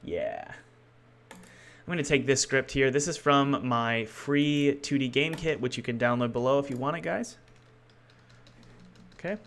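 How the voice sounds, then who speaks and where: This streamer works on his game while loosely chatting and thinking out loud, often backtracking mid-sentence. His medium-pitched, fairly bright voice has lively intonation and an unhurried pace, with long pauses.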